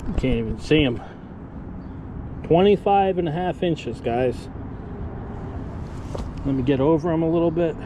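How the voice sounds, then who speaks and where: A man's voice: on the high side, unhurried, long pauses, noisy background. A man filming himself fishing outdoors on a riverbank, talking viewers through landing a fish and calling them guys. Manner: addresses viewers as guys, coaching and explaining. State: out of breath. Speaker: fishing vlogger. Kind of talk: live play-by-play commentary.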